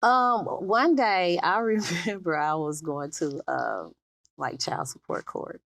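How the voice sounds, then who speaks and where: A woman's voice: on the low side, takes it slowly, vocal fry, a bit bright, dry recording. A woman in her fifties, a guest author, telling her life story in a candid, plain-spoken way with laughs between thoughts.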